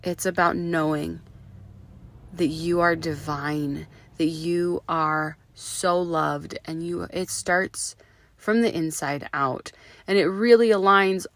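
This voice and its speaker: A woman in her thirties hosting her own podcast, slightly hoarse from illness, talking in an excited, effusive way and dropping to a whisper for emphasis. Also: low voice, slow pace. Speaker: podcast host. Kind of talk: solo podcast monologue.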